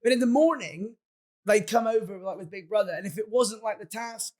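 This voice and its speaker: A young man telling stories as a podcast guest, in a fast, excitable way with many restarts. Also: high voice. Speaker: guest content creator. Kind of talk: casual podcast chat.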